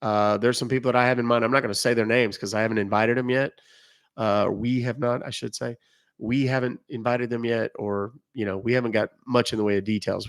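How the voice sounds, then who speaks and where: A middle-aged man chatting casually on a live stream, rambling and joking as he reacts to viewer comments. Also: medium pitch. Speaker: live streamer reading chat.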